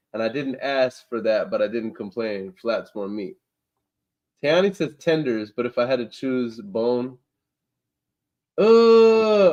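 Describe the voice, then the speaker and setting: Slow-talking young man reading his chat. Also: mid-range voice, a little mellow. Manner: slangy, laughs often, reacts to chat comments. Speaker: livestream host reading chat. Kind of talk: casual livestream chat.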